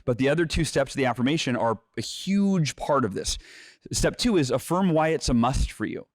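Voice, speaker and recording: Man, middle-aged, interview guest, animated explainer, acts out quotes, medium pitch, dry studio sound. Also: fairly quick, no room sound. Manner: energetic, acts out inner voices and quotes; repeats words when restarting. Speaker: author and guest. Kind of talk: conversational interview, teaching.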